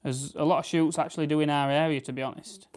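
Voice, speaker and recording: South Yorkshire man, smooth clear voice. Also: on the high side, fairly even intonation, fast. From South Yorkshire, England. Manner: chatty, rambling, reads out viewer comments. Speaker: livestream host. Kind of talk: casual live-stream chat while plucking grouse.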